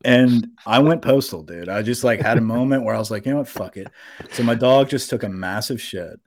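A man's voice: mid-range voice, brisk. A young man casually telling a long, rambling anecdote on a podcast, swearing freely and acting out what everyone said. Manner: rambling, animated anecdote with profanity and quoted voices. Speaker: podcast co-host. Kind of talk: casual storytelling.

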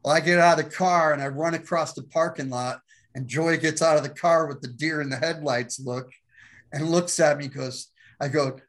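A man, a pastor, telling his faith story as a guest, animated and laughing often as he acts out the voices in it. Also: fairly high pitch, moderate pace. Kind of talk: storytelling testimony.

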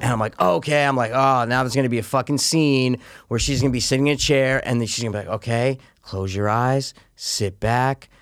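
Excitable, swearing man in casual film chat. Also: medium pitch, fast talker, hardly any pauses, no echo, studio quality. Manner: excitable, swears often, acts out scenes in voices. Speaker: film reviewer.

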